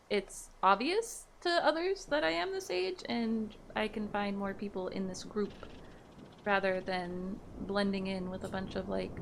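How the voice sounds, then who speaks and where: A woman's voice: medium pitch, creaky, a little hiss or hum. A woman in her thirties casually chatting with viewers on a live stream, laughing easily and reading their messages aloud. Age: 30s.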